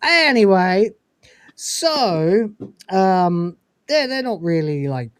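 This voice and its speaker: A man's voice: high voice, moderate pace, no room sound. A man hosting a casual review show, retelling scenes and acting out the characters' lines. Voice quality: animated storyteller, acting out quoted lines. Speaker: podcast host reviewing episodes. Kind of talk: casual recap chat.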